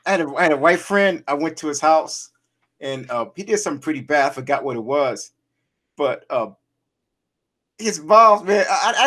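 Man co-host, lively storyteller, loose swearing, fairly high voice. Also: normal speed. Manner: animated storyteller, laughs often, swears freely. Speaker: podcast co-host. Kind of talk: casual chat.

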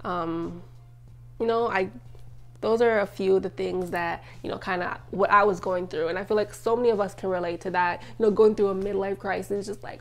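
A woman's voice: medium pitch, fairly even intonation, moderate pace, faint music behind. Young woman confiding on her vlog. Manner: emotional, tearful at times, frequent "like" fillers. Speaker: vlogger. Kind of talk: personal life-update vlog.

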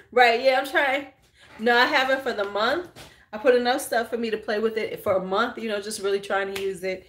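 A woman's voice: fairly high pitch, steady tone, brisk, fairly bright tone. A middle-aged woman hosting a beauty livestream, chatting casually and frankly while doing her makeup, joking bawdily with viewers.

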